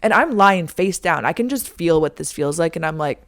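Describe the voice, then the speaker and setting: A woman's voice: lowish voice, expressive, normal speed, fairly bright tone. A young woman hosting a podcast, telling a story in a chatty, dramatic way, full of "like" and acted-out lines. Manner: chatty, heavy use of "like", dramatic re-enactments. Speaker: podcast host. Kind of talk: casual storytelling monologue.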